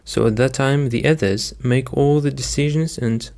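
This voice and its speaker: A man's voice: medium pitch, moderate pace, creaky, darkish tone. A man teaching English vocabulary in a patient lesson, repeating each word and its stress and often addressing his "dear listeners.". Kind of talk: slow, deliberate vocabulary lesson.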